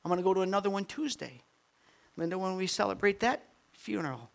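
An older man, a grandfather, preaching a sermon with animated swings from quiet asides to near-shouted peaks. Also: sits high, fast, gravelly. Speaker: pastor.

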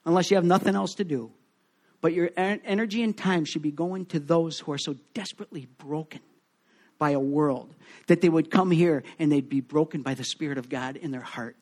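A high-pitched man preaching a sermon to his church. His delivery swings between loud, rousing calls and hushed, tender stretches. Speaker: pastor. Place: church sanctuary.

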